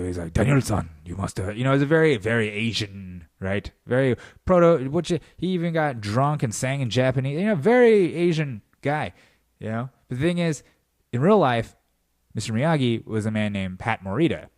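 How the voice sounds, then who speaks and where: A man hosting a podcast in a comedic monologue, riffing in an animated, profane way and dropping into mock voices. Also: mid-range voice, moderate pace, no echo, studio quality. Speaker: podcast host. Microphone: podcast mic.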